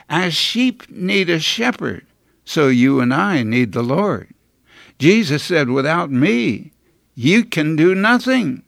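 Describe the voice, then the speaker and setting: A man preaching a sermon in a slow, deliberate delivery. His voice sits a little high for a man and carries a gravelly edge. The sound is dry and close, and his manner is earnest, with emphatic rises. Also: a bit bright, no room sound. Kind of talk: scripted sermon.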